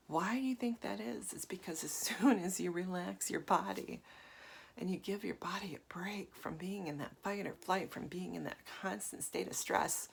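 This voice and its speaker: A woman's voice: lowish voice, expressive, normal speed, creaky, husky. A woman in her forties giving a casual, confiding talk as a meditation teacher, often dropping to a half-whisper. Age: 40s. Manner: soft, confiding, with frequent fillers and laughs.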